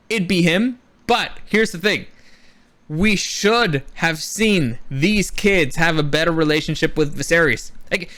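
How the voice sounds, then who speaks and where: A man giving his casual opinions on a TV episode, animated and swearing, often acting out the characters' lines. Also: high voice. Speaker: show reviewer.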